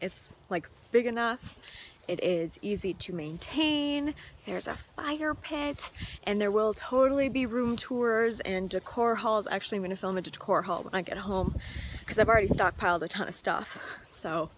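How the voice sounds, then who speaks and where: A young woman chatting casually to her camera in a vlog, excitable and swearing freely, with lots of fillers. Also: medium pitch, normal speed, a little hiss or hum. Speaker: vlogger.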